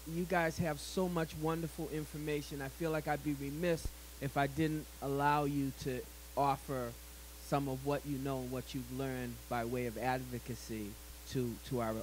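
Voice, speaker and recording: A man's voice: on the high side, steady tone, moderate pace, few pauses, a little hiss or hum, rough recording. A man hosting a live community panel, enthusiastic and encouraging toward his guests. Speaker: host.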